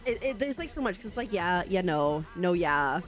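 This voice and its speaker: Young woman, streamer, casual storytelling, fillers and giggles, desk mic, soft music behind. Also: on the low side, expressive. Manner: chatty, rambling, quick laughs and lots of fillers. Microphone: studio desk mic.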